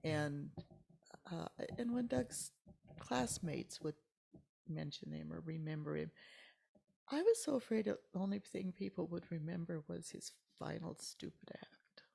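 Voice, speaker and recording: Older woman, gravelly and husky, halting emotional storyteller, slips into near-whispers. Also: fairly low pitch, animated, dark tone. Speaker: church member guest. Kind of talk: personal storytelling interview.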